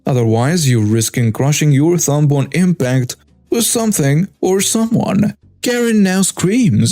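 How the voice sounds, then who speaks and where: A man narrating a first-person story with wry, animated asides. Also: fairly high pitch, measured pace, no echo, soft background music.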